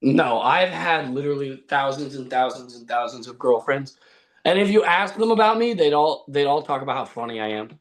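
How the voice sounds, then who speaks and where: A man's voice: mid-range voice, lively intonation, a little fast. A man on a live stream, telling boastful tall tales with a straight face. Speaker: stream co-host. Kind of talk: joking live-stream banter.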